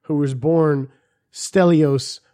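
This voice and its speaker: Man, podcast co-host, mellow warm voice, crude jokey banter, reads an article aloud. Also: on the high side, steady tone, takes it slowly. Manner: jokey, drops into silly put-on voices. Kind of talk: crude casual banter, reading a news article.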